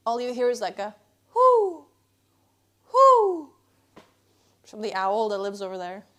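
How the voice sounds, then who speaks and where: A woman's voice: medium pitch, steady tone, fast talker, darkish tone. A young woman streaming from her kitchen at home, chatting playfully and answering her chat. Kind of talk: casual live-stream chat.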